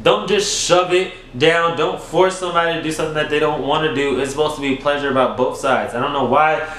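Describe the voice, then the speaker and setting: A young man tells a story for his vlog, speaking briskly and casually to his viewers with animated delivery that swings up high for emphasis. The echoey room carries some slight background noise.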